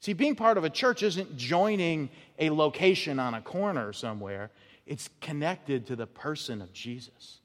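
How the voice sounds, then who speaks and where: A man's voice: a little high, lively intonation, moderate pace. A man preaching a sermon as pastor, emphatic and often repeating his words as he builds a point. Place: church sanctuary. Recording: long hall reverb.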